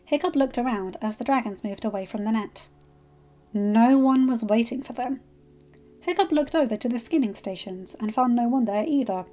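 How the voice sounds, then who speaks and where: Higher-voiced woman reading a story. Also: normal speed, dark tone. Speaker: fan fiction reader. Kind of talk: storybook narration. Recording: slightly muffled, faint background music.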